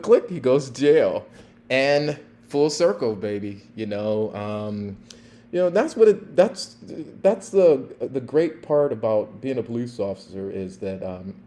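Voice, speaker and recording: A middle-aged man, a former police officer hosting a podcast, tells stories in a relaxed, chatty way with lots of fillers. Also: medium pitch. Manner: relaxed and chatty with many fillers, laughing at his own story. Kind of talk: casual storytelling.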